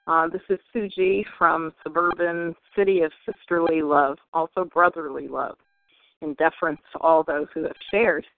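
A woman's voice: sits low, gravelly, no echo. A woman sharing at a twelve-step phone meeting in a chatty, wry way. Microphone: telephone. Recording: dry phone line.

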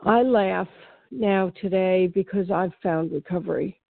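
A woman speaks slowly and haltingly over a video call, repeating words as she goes. Her pitch sits mid-range. The sound is narrow and phone-like, with a dry, close feel. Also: creaky, no room sound. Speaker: meeting member sharing. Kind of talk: personal recovery share. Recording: tinny phone-like call audio.

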